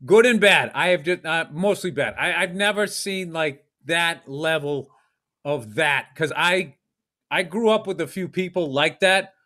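A man's voice: a little high, unhurried, pushed and bright. A man in casual podcast chat, blunt and profane, with sarcastic jokes. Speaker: podcast co-host.

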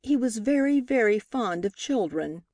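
Lady doing a sweet-talking defensive witness, lowish voice, dry sound. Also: slow pace, no echo. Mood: sentimental. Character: defensive, sentimental woman witness on the stand. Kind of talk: audiobook character reading.

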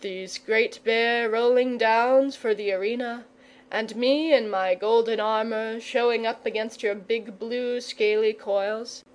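A woman's voice: fairly high pitch, fairly even intonation, takes it slowly. A woman voicing a frank, pleasant, patient male knight in a storybook reading. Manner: frank and persuasive.

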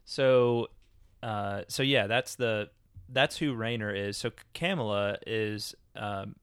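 A man's voice: on the low side, fairly even intonation, slow pace, fairly bright tone, clean tone, dry recording. Man, podcast co-host, easygoing chatter full of fillers, dry close sound. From United States. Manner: chatty, hesitant, many fillers and restarts. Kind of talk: casual chat.

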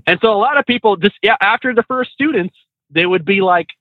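A man's voice: high voice, brisk, dry recording. A man, a truck driver and trainer, telling road stories casually with lots of laughs and restarts. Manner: animated anecdotes with frequent laughs and restarts. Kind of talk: casual storytelling interview. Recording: dry tinny phone-like line.

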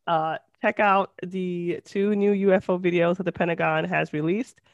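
A woman's voice: fairly low pitch, steady tone, moderate pace, no room sound, dull audio. A woman co-hosting a podcast with an accent, chatting casually and rambling with giggles. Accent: non-native English accent. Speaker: podcast co-host. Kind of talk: casual chat.

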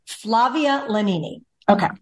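A woman's voice: medium pitch, expressive, moderate pace, a little mellow. A young adult woman hosting a casual chat, telling a rambling story and acting out what others said. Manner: chatty rambling storyteller, acts out quotes. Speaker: podcast host.

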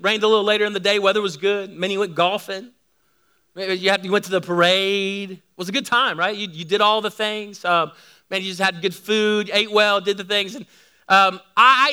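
A middle-aged man preaching a sermon, telling lively stories to his congregation. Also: high voice, clean tone. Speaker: pastor.

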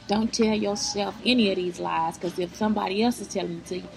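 A woman's voice: medium pitch, fairly even intonation, fast, creaky, darkish tone, rough recording. A woman giving blunt, profane motivational advice straight to her viewers, in a preachy vlog style. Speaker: vlogger giving life advice.

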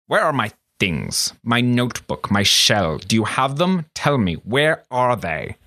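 A man reading aloud and voicing a menacing male sorcerer who speaks slowly and coldly to his servant. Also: medium pitch, sing-song, bright, forceful tone, no room sound, clean studio sound, full character voice. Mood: contemptuous. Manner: slow, silky and threatening. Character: cold, menacing older male sorcerer master.

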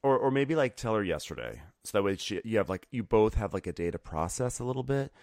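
Low-voiced man in a wry recap chat. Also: sing-song, fast, darkish tone, no echo, studio quality.

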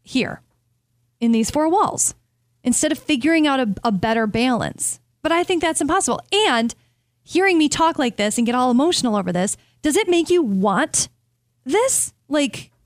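A woman's voice: sits high, expressive, moderate pace, no room sound, clean studio sound. A woman co-hosting a casual chat, talking candidly and self-deprecatingly about work and motherhood. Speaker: co-host.

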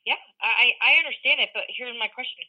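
A woman sports reporter guesting on a podcast, telling stories in a playful, teasing way. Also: on the high side. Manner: playful, teasing, quick storytelling. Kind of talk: casual podcast chat. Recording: dull phone-line audio.

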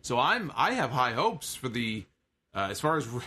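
A man talks through a wrestling show in a loose, opinionated podcast recap. His voice is bright and forward, sitting at an ordinary middle pitch. He speaks conversationally and often quotes lines from the show. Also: very animated, normal speed, slightly rough. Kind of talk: casual show recap commentary.

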